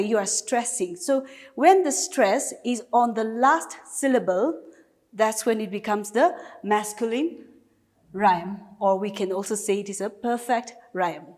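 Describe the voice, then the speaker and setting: A woman's voice: fairly high pitch, darkish tone. Patient woman teacher, Naga English accent. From Nagaland, India. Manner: patient, explains step by step with repeated examples. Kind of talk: recorded online class lesson.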